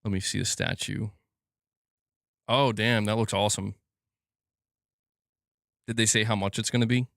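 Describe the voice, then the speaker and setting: A man's voice: on the low side, steady tone, moderate pace, vocal fry, pauses often, a bit bright, no room sound. Joking male livestream host, dry sound. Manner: joking, laughing, teasing chat. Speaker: livestream host reading donations. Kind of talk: casual livestream chat.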